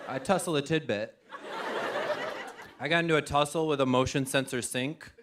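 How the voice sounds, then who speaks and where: A man's voice: mid-range voice, normal speed. A man performing a self-mocking stand-up comedy set on a TV stage, acting out silly voices. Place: TV studio stage with live audience. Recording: audience laughter and studio noise. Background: audience laughing.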